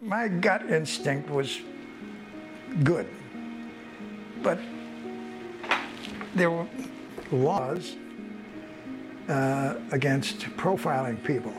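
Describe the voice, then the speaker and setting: An older man, a former airline agent, tells a personal story in a halting way and acts out the lines of the people he dealt with. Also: on the high side, music in the background, rough recording. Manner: halting storytelling, acting out past dialogue. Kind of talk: personal recollection.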